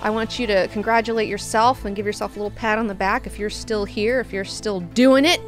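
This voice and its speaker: A woman hosting a book club, recapping chapters in a chatty, animated, profane way. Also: medium pitch, fairly quick, faint music behind.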